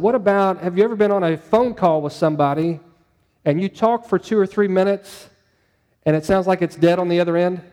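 A man's voice: sits high, brisk, warm tone, long reverb tail. A male pastor preaching a sermon in a conversational way, putting questions to his congregation.

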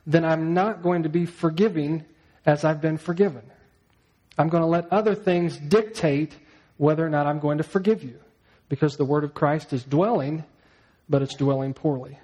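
A man's voice: a little high, darkish tone, rough recording. A man preaching a sermon in a conversational way, often asking the listeners rhetorical questions. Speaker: pastor.

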